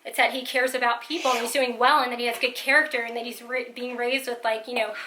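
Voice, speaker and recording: A woman's voice: a little high, little pitch movement, fast talker, pushed and bright, a little hiss or hum, low-quality recording. A woman telling stories in a casual vlog, chatty and full of "like" and "you know". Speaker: parent vlogger.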